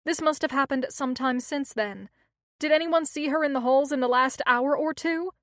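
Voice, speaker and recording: A woman voicing a woman doctor who gives urgent, forceful orders in an emergency, in an audiobook. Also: sits high, normal speed, dry recording, studio quality, voice pushed up, natural voice. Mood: questioning.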